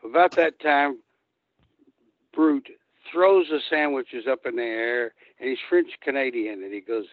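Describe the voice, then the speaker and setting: A man's voice: medium pitch, takes it slowly, no echo. An older man, a retired wrestler telling rambling stories and acting out quotes. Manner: rambling, animated storyteller who acts out quotes. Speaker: guest, retired pro wrestler. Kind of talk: casual storytelling. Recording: tinny dry phone line.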